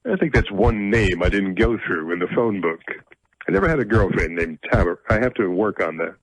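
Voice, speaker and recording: A man's voice: lowish voice, lively intonation, fairly quick, no echo, low-quality recording. A middle-aged man hosting a radio talk show, speaking bluntly and combatively, with a self-deprecating edge.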